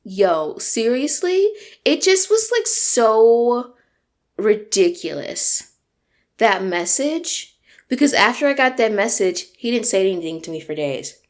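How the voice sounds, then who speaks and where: A woman in her twenties telling a storytime on her vlog, animated and emphatic, venting with plenty of swearing. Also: on the high side, takes it slowly. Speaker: vlogger.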